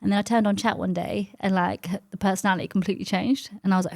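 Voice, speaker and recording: Woman, forties, comic guest; lively storyteller, cusses freely, does voices. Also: mid-range voice, very fast, few pauses. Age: 40s. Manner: animated, swears a lot, acts out voices in anecdotes. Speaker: comedian guest. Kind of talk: casual podcast chat, storytelling.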